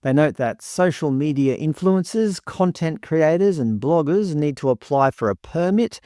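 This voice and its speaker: Sarcastic man, lively voice. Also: on the high side, moderate pace, no room sound, clean studio sound. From Australia. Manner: sarcastic, indignant. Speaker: commentary vlogger. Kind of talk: scripted commentary.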